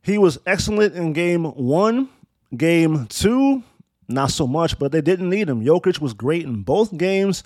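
A man's voice: a little high, big pitch swings, unhurried, a little mellow, dry recording. A man hosting a casual sports talk show, ranting bluntly and sarcastically, with swearing and frequent restarts. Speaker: basketball podcast host. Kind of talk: casual opinionated sports rant.

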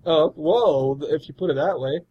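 A man's voice: on the high side, normal speed, slightly rough, highs cut off. A man co-hosting a podcast, telling stories in a rambling, casual way and laughing often. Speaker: podcast co-host. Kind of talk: casual chat.

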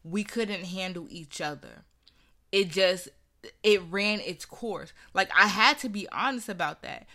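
Young woman, bright and forceful tone, candid conversational storytelling, earnest. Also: medium pitch, unhurried. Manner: earnest, conversational, acts out quoted voices.

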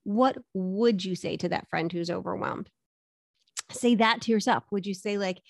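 In studio-quality audio with no room sound, a middle-aged woman with a gravelly, medium-pitched voice gives a motivational coaching talk at a moderate pace. Her delivery is direct and upbeat, and she poses rhetorical questions to the listener.

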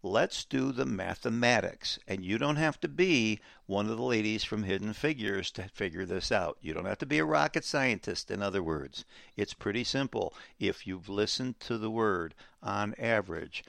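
Male finance host, gravelly voice, dry studio sound, emphatic explainer who lingers on key words. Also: fairly low pitch, expressive, fairly bright tone, no echo. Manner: emphatic, repeats key words slowly for effect. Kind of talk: explanatory talk show monologue.

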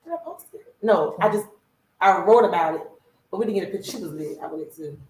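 A woman's voice: on the low side, fast, darkish tone. A woman on a podcast cast, chatting casually and playfully, acting out scenes as she talks. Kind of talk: casual chat. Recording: echoey room with faint noise.

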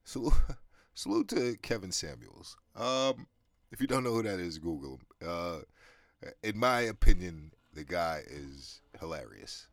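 Super deep voiced guy in his 30s rambling on his podcast, swears a lot, smoker cough, dry close sound. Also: lively intonation, measured pace, fairly bright tone, no echo. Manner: rambling, profane, laid-back, many restarts and fillers. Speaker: podcast host. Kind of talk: casual monologue.

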